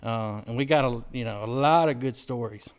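A man's voice: mid-range voice, moderate pace, clean tone. A man, from Mississippi, co-hosting a casual chat and rambling through stories with acted-out quotes. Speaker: podcast co-host.

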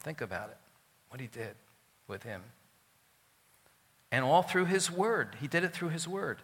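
A man, the pastor, preaching a sermon in an emphatic style, swinging from loud declarations to quiet asides, in a church sanctuary, recorded with long hall reverb. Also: medium pitch, expressive, normal speed, long pauses.

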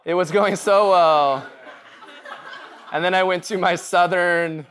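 A man's voice: on the high side, normal speed, fairly bright tone, a little hiss or hum. A male pastor preaching a casual, conversational sermon, joking and often checking in with the room. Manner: casual, conversational, jokey, asks "right?" often.

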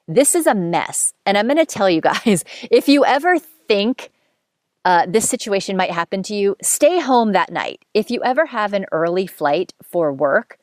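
A woman's voice: mid-range voice, no echo, clean studio sound. A woman in her thirties telling a long personal story in a candid, chatty way, swearing freely and poking fun at herself. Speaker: podcast host telling a dating story. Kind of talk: casual storytelling monologue.

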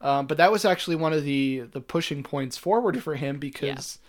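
A man co-hosting a podcast, recapping a TV episode in loose casual chat, rambling with lots of fillers and animated asides. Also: fairly high pitch, brisk. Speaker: podcast co-host.

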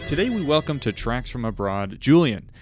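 A man hosting a radio music show, announcing and interviewing in a steady, scripted way. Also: mid-range voice, normal speed. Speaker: radio host.

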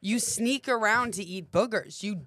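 A woman's voice: medium pitch, unhurried, a bit bright, no room sound. Teasing young woman, dry sound. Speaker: comedian guest. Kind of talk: casual comedic podcast banter.

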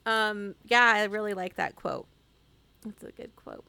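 Chatty woman with a creaky voice. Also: mid-range voice, fairly even intonation, a little slow, pushed and bright, no echo. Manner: chatty, laughs often. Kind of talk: casual chat.

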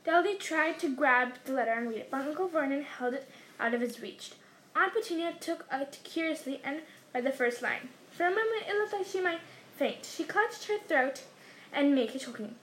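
A woman reading a storybook aloud in an expressive storytelling manner. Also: high voice, moderate pace, a little hiss or hum. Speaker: reader.

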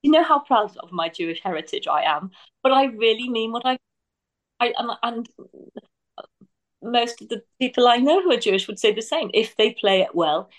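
Frank actress on a chat panel. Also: female voice, on the high side, expressive, normal speed, poor audio. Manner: frank, talks in restarts. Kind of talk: casual chat.

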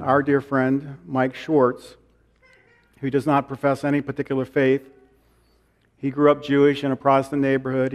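A man preaching a sermon as pastor, reading scripture and repeating key lines for emphasis. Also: mid-range voice. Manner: reads scripture aloud.

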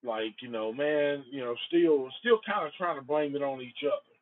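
A man's voice: mid-range voice, normal speed. Profane storytelling man, phone-like sound. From Antioch. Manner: profane, rambling, animated storyteller. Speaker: podcast host. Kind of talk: casual storytelling. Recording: phone-like lo-fi audio.

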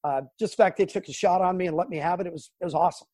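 A middle-aged man from Southern California, a sports broadcaster telling animated stories in an interview. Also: high-pitched, racing, no echo. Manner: animated storyteller, acts out quotes and sounds. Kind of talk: storytelling interview.

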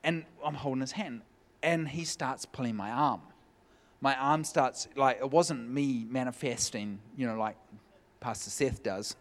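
A man preaching, telling a humorous personal story with lively, joking delivery. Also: mid-range voice, measured pace, slight background noise. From California. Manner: animated, jokey storytelling with laughs. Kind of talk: sermon storytelling.

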